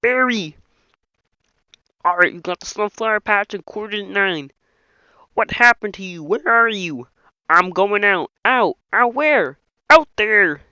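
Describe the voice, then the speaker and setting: A man doing an impression of a nasal, excitable male puppet frog, reading a whole film script aloud as every character. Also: sits high, smooth, no room sound, full character voice. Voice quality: nasal, reedy. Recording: dull lo-fi dry home mic.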